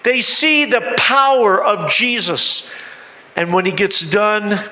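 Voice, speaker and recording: A man's voice: high-pitched, lively intonation, slow, sharp tone, reverberant, big-room sound. A man missionary preaching a sermon, telling a story dramatically and asking the congregation questions. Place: church.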